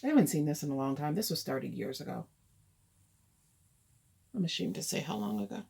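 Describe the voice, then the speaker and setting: A woman's voice: deep voice, big pitch swings, a little fast, vocal fry, dark tone, breathy edge. A woman chatting casually as she shows her cross-stitch projects, thinking aloud and rambling as she goes. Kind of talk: casual show-and-tell.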